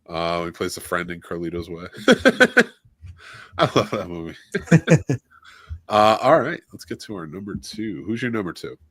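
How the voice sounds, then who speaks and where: A man's voice: deep voice, sing-song, unhurried, long pauses, bright, forceful tone, no room sound, studio quality. A man co-hosting a film podcast in casual chat, enthusiastic and stopping often for "uh". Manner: enthusiastic, listy, many "uh" fillers. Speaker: podcast co-host.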